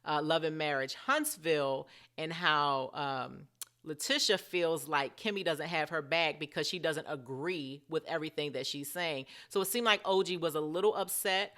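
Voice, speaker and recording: A woman's voice: sits low, animated, normal speed, fairly bright tone. A middle-aged woman giving chatty reality TV commentary, often turning to ask her viewers what they think. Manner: chatty, asks viewers directly. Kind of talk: casual commentary vlog.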